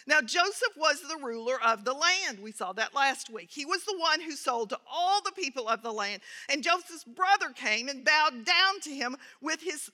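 A woman's voice: high-pitched, sharp tone. A woman teaching a Bible lesson who tells an anecdote, reads scripture aloud and adds earnest commentary. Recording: reverberant hall.

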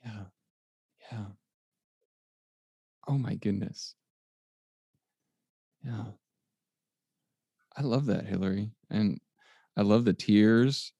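A middle-aged man hosting a casual conversation, gentle and reflective, affirming his guest. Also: on the low side, extremely slow, pauses often, breathy edge, no echo, lo-fi sound.

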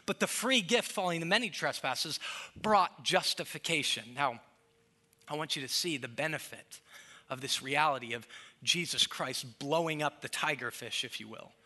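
A male pastor, around his thirties, delivers a sermon in a strikingly bright, forward voice. He leans into emphatic peaks and then drops low and soft to play out small everyday scenes, sitting a touch high for a man. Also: lively intonation, moderate pace. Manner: preaching with rising emphasis, quoting his toddler in soft voices.

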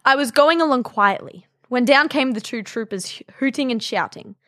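A woman's voice: fairly high pitch, expressive, normal speed, a bit bright, no echo, clean studio sound. A woman with an Australian accent reading the first-person account of a male bushranger in a casual role play. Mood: narrating. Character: male bushranger telling his own story. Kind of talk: comic read-along role play.

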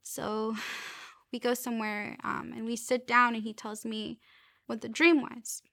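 A young woman sharing a personal faith testimony, earnest and halting, often restarting her sentences. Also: a little high, flat delivery, vocal fry, bright, forceful tone, no echo.

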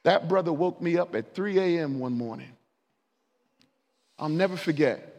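A man preaching a sermon in a large sanctuary, fervent and building to forceful declarations. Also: fairly high pitch, moderate pace, long pauses. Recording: long reverb of a large hall.

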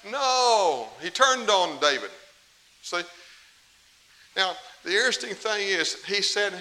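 A man's voice: high-pitched, animated, slow, pauses often, bright, forceful tone, rough recording. A middle-aged man preaching a sermon in a folksy, emphatic way, with asides to the congregation. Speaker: pastor. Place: church. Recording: faint hiss, 1990s tape.

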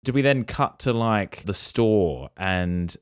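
A man's voice: fairly low pitch, expressive, takes it slowly, smooth, no room sound, clean studio sound. A man co-hosting a casual podcast, joking and guessing a movie plot aloud. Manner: jokey, musing aloud, slips into silly voices. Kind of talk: casual playful chat.

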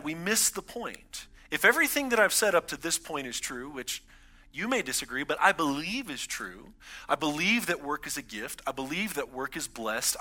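A man's voice: fairly high pitch, sharp tone. A man in his thirties, a pastor, gives a conversational sermon in a church and builds emphasis on his key points.

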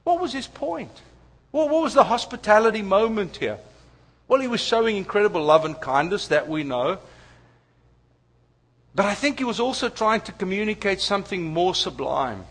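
A man preaching a sermon, telling family stories with lively asides to the audience. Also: sits high, normal speed. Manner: storytelling, animated asides to the audience. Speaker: pastor.

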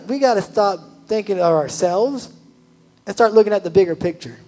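A young man, a youth pastor, giving a casual, animated sermon full of "like" asides. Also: sits high, fairly quick, rough recording.

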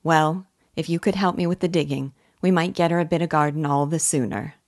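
Woman reading as a gentle old weaver. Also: low-pitched, brisk, dry recording, clean studio sound, lightly acted. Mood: earnest. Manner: mild, plain country speech. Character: old male village weaver, gentle and humble.

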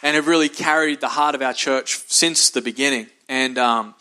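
A man's voice: mid-range voice, normal speed, pushed and bright, clean tone. A man acting as pastor, giving upbeat, effusive announcements at a church service. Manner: upbeat and effusive, hyping the congregation. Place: church service in a large room.

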